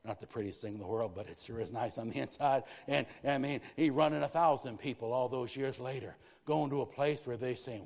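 A man preaching a sermon in a church, lively, with frequent asides to the congregation. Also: mid-range voice, a little fast, creaky, few pauses. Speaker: pastor. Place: church sanctuary. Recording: long hall reverb.

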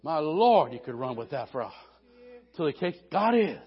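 A man preaching a sermon, moving from quiet teaching to shouted, rhythmic preaching. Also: a little high, big pitch swings, moderate pace. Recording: dull lo-fi sermon audio.

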